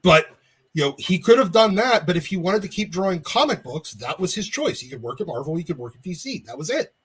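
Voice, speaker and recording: Husky-voiced man explaining. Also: high-pitched, very animated, brisk, a bit bright. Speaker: panelist. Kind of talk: casual live panel chat.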